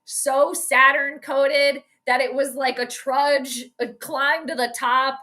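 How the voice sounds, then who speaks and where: A woman talks her way through a game live on a stream, chatty and quick to react out loud. Her voice sits high and sounds bright and forceful. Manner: excitable, chatty, reacts loudly to plays. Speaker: astrologer and sports streamer.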